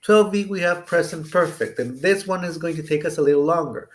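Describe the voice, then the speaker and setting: A man's voice: a little high, a little fast. A man with an American accent explaining English grammar and numbers in a recorded lesson, often checking in with "okay?". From United States. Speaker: English teacher.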